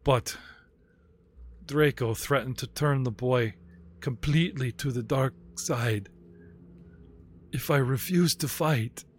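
A man's voice: medium pitch, slow pace, long pauses, a little hiss or hum, lightly acted. A man voicing a despairing fallen alien Jedi master who is caged, bitter, self-pitying and prone to swearing. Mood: grim. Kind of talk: tabletop role-play character voice.

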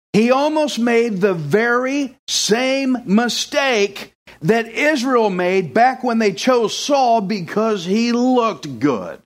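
Lively high-pitched male preacher. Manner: animated, acts out quoted voices. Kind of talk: sermon.

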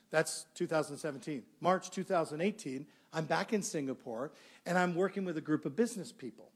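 A man's voice: on the high side, a little fast. A middle-aged male pastor preaching a sermon, telling a story and acting out the dialogue. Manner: animated storyteller, acts out dialogue.

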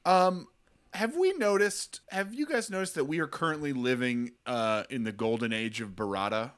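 A man's voice: medium pitch, animated, moderate pace, a bit bright, clean tone. A man co-hosting a podcast, teasing the others in casual chat. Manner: wry, teasing banter. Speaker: podcast co-host.

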